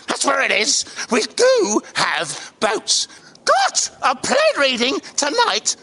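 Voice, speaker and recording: Theatrical man, wildly swooping pitch. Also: huge pitch swings, takes it slowly, poor audio. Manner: theatrical and exuberant, with sudden loud outbursts. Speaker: actor and channel host. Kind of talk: casual vlog to camera. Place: outdoors by a river. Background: faint outdoor ambience.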